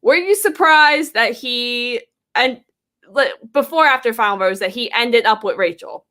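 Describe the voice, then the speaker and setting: A woman's voice: on the high side, animated, measured pace, bright, forceful tone. A woman co-hosting a podcast in casual chat, upbeat and chatty, sprinkling "like" through her sentences. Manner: chatty and upbeat, with many "like" fillers. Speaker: podcast co-host.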